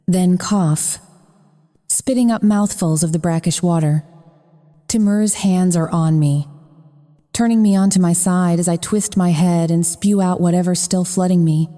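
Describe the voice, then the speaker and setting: Slow, dark-voiced woman narrating. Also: on the low side, in a large hall. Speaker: audiobook narrator. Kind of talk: first-person romance narration.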